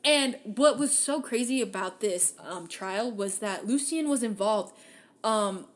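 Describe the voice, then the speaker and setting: A woman's voice: mid-range voice, a little slow. A young woman hosting a podcast, casually retelling a fantasy novel with lots of swearing and acted-out lines. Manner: animated, acts out characters' lines, swears freely. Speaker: podcast host. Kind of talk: casual book recap.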